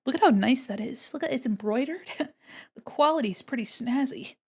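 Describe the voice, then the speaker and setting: A woman's voice: high-pitched, lively intonation, normal speed, breathy edge. A woman art streamer chatting casually and playfully with her viewers while she works on a drawing. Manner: chatty and playful, talks to chat while working.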